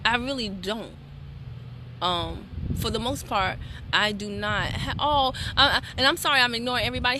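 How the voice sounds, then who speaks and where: A woman's voice: a little high, lively intonation, moderate pace, background noise. A woman, probably in her thirties, chatting animatedly and laughing often as she talks to her followers in a casual livestream. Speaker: wellness products seller and team leader.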